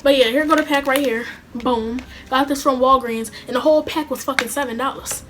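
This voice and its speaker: A young woman telling a casual storytime vlog, animated and slangy, with some swearing. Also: high voice, brisk, noisy background. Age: young adult. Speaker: vlogger.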